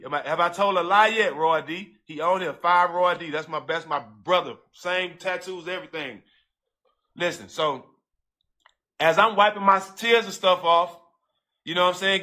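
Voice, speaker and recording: This man has a high-pitched, sharp-toned voice. He talks straight to the people listening, telling a personal tale in salty street slang, and repeats himself haltingly as his feelings swell.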